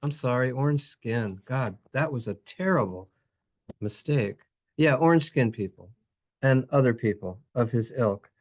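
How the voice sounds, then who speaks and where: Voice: medium pitch, expressive, normal speed, a little mellow. A Hebrew teacher leading a playful, sing-song classroom reading lesson and acting out the letter sounds. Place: synagogue classroom.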